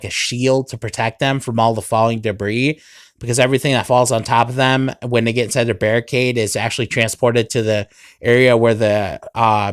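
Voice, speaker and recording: A young man retells an anime episode in a loose, rambling way, leaning on "um" and "basically". His voice is smooth and resonant, recorded dry and close with no room sound. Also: medium pitch, dry recording. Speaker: anime reviewer. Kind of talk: casual episode recap.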